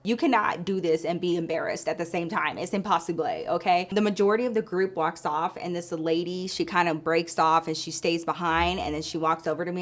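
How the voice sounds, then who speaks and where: Animated woman telling a storytime. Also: on the low side, a little fast, few pauses. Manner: animated, emphatic, swears freely. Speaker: vlogger. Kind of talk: casual storytime.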